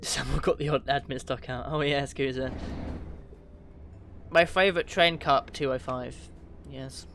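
A man from the UK chatting casually with his viewers during a live game stream, reading out their names and getting excited now and then. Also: medium pitch, unhurried, slight background noise. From United Kingdom. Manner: chatty, reads out chat names, bursts of excitement. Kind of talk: casual gaming livestream chat.

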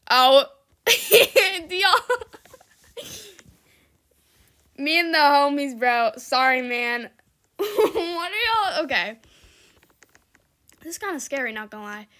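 Young woman gamer laughing a lot while she plays, high bright voice, bouncy and slow. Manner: giggly, exclaims and shrieks, reads chat aloud. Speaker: gaming YouTuber. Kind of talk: casual gameplay commentary.

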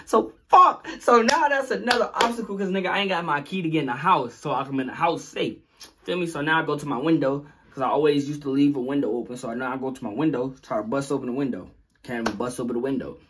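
A young man telling a story in a vlog, animated, acting out sounds and quotes. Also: mid-range voice, slightly rough. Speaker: vlogger.

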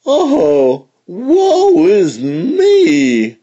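A high, frantic, pompous fox, put on by a man reading a storybook aloud. He swoops wildly up and down as he shouts, wails and pleads. The voice is husky and unhurried. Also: big pitch swings, muffled recording, exaggerated voice. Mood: wailing.

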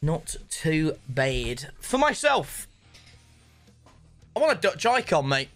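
A man's voice: a little high, very animated, slow, fairly bright tone, faint music behind. A man hosting a casual football video game chat, jokey and calling his guest "mate". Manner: chatty, jokey, says "mate" a lot. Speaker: gaming channel host.

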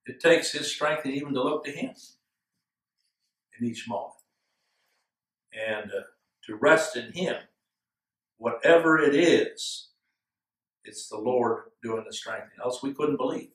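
A male pastor giving an earnest, measured sermon with slow, emphatic phrases. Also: mid-range voice. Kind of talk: expository sermon. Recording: echoey room, from far off.

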